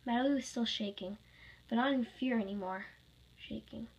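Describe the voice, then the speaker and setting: Woman, storyteller, reading aloud, husky, slightly high. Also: moderate pace, low-quality recording. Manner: plain reading, small slips and restarts.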